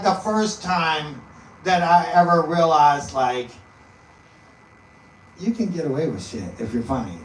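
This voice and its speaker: High-voiced man rambling through a comic story. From East Texas. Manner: loose and rambling, laughs through punchlines. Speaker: comedian guest. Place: live comedy venue. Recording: echoey room, mic at a distance, faint noise.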